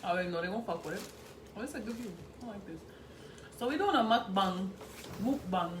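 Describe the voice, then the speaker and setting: A woman's voice: medium pitch, expressive, a little fast, background noise. A woman hosting a live mukbang, chatting casually and teasing her friend with crude jokes and frequent laughter. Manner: teasing, laughing often, profane banter. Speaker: mukbang host. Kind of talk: casual chat. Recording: echoey room with loud music.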